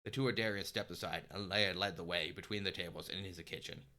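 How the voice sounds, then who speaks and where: Low-voiced man narrating a story. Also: fast talker. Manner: steady narration with small restarts. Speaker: streamer reading a story aloud. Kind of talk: live-streamed story narration.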